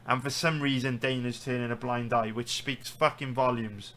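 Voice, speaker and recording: A British-accented man holding forth on a live stream, his voice bright and forceful as he rants and swears heatedly. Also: mid-range voice, steady tone, moderate pace. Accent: British English. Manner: heated, profane ranting. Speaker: sports betting streamer.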